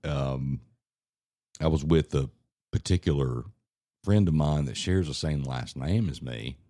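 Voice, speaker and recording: Deep-voiced man telling a rambling story. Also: animated, dark tone. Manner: rambling, halting storyteller with many fillers and restarts. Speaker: podcast co-host. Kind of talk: casual storytelling chat.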